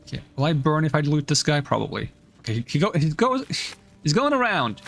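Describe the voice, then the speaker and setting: A man's voice: a little high, sing-song, brisk, gravelly, a bit bright. A male streamer giving casual gameplay commentary, thinking aloud and puzzling over the game's rules.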